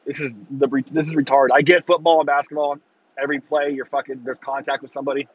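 Profane ranting man with a husky voice. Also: on the high side, level tone, fast talker, no room sound, dull audio. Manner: profane, exasperated ranting with mocking shouted impressions. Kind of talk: casual rant.

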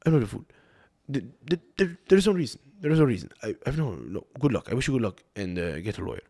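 A man imitating an older Trinidadian football official with a Trinidadian accent, in a low, halting mumble full of stutters. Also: very animated, mellow, breathy edge. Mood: defensive. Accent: Trinidadian impression.

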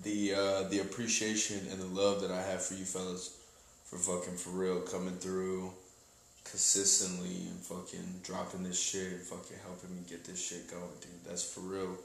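A relaxed man hosting a chat with his friends, loose and profane, his voice often sinking low. The room rings with echo, and a faint hiss sits underneath. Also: moderate pace, vocal fry. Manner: laid-back, heavy swearing, drops to a mumble. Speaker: podcast host. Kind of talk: casual chat among friends. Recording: echoey room with faint noise.

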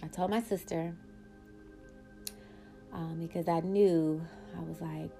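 A woman hosting her own podcast, telling a personal story in a blunt, animated way and swearing freely. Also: low voice, measured pace, vocal fry, pauses often, music in the background. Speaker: podcast host.

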